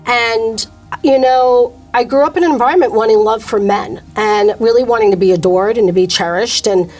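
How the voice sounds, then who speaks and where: A woman's voice: on the high side, brisk, darkish tone. A middle-aged woman, a guest on an interview show, telling her personal faith story candidly and emotionally.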